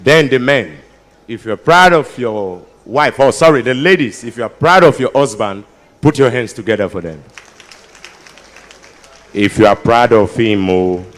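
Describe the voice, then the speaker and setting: A man's voice: medium pitch, measured pace. Nigerian man joking with a crowd. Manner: banters with the crowd, slips into pidgin, sudden loud outbursts. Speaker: comedian at a ceremony. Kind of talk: stand-up comedy for a live crowd. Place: large ceremony before an audience.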